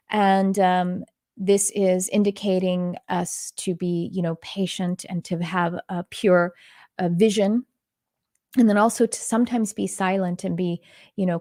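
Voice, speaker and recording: A woman's voice: lowish voice, darkish tone, no room sound, clean studio sound. A middle-aged woman from Texas, a spiritual teacher talking casually on a live stream, rambling and earnest with many fillers and restarts. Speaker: spiritual teacher giving intuitive readings.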